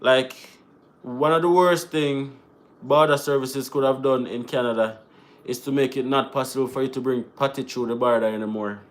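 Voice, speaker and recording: A man's voice: mid-range voice, steady tone, normal speed. A man hosting a live Q&A stream, chatting casually, laughing often and slipping into patois as he reads viewer comments aloud.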